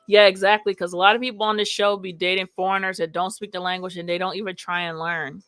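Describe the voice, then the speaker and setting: A woman's voice: on the low side, flat delivery, quick pace, a bit bright, clear, resonant tone, dry recording. A woman hosting a casual live show, reading viewer comments aloud and chatting loosely with many fillers. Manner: chatty, lots of fillers like "like" and "you know". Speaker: host.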